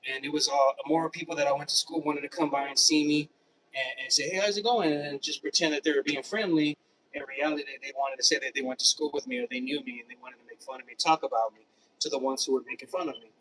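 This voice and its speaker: Man, bright tense voice, rambling monologue, repeats himself, distant mic, faint background noise. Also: mid-range voice, steady tone, fast talker. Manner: rambling, repetitive, many restarts. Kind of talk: casual personal monologue.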